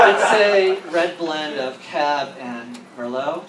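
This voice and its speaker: A stand-up comedian doing a set, rambling and profane, often breaking into laughter. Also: medium pitch. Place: event hall at a convention. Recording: roomy, distant, with noisy ambience.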